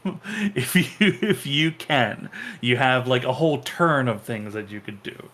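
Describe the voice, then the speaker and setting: A man running a tabletop game as game master, talking haltingly with many fillers. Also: mid-range voice, lively intonation, a bit bright. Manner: halting, many ums and uhs.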